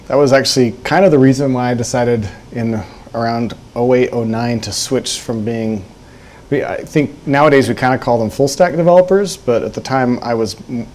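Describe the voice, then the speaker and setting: A man giving a meetup talk, telling his story in a relaxed, conversational way with fillers. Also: mid-range voice. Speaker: meetup speaker. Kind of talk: conference talk. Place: meetup room.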